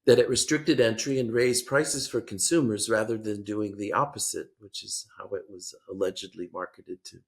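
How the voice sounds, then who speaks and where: Older man, podcast guest, low gravelly voice, hesitant, restarts sentences. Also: steady tone. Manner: measured, hesitant, many restarts. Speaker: guest policy expert. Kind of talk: podcast interview.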